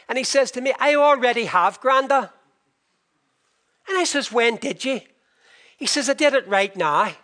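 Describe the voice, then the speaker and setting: In his sermon, an older, high-voiced preacher speaks fervently, alternating loudness and softness and easing his pace for emphasis.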